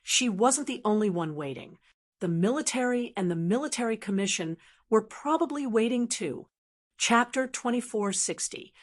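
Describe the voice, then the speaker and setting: Woman audiobook narrator, mid-pitched, steady scripted reading.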